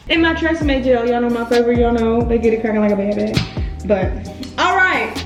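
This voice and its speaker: A woman's voice: a little high, reverberant, rough recording. A young woman chatting casually through a hair tutorial vlog, playful and rambling with lots of asides. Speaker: beauty vlogger. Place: echoey room at home.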